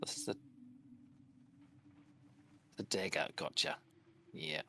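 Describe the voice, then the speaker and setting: A man's voice: extremely low pitch, steady tone, takes it slowly, vocal fry, bright, forceful tone, slight background noise. A man playing in a tabletop game, asking questions and thinking aloud in a hesitant, casual way. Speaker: player.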